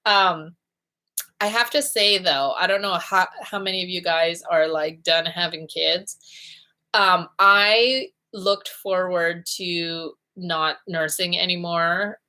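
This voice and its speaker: A woman in her thirties chatting casually on a live stream, telling stories and acting out the people in them in lively quoted voices. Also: medium pitch, a little slow. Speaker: vlogger hosting a live chat.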